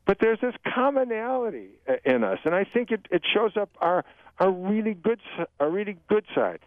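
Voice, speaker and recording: An older man, a guest author, telling jokes and talking about humor in a radio interview, animated and given to slipping into voices. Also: high-pitched, normal speed, no echo. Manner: animated storyteller, jumps into joke voices. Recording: dry tinny radio phone-line sound.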